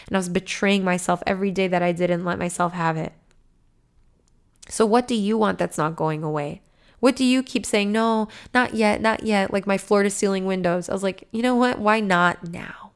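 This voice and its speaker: A woman hosting a podcast, delivering a casual, animated motivational rant with frequent swearing, jumping between loud bursts and hushed asides. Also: mid-range voice, clean tone. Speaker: podcast host.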